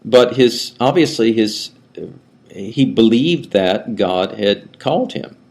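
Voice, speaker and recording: A man's voice: fairly low pitch, animated, slow pace, darkish tone. An older man who is a priest, giving a conversational lecture that rambles, with frequent restarts and asides. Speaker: Orthodox priest teaching a class.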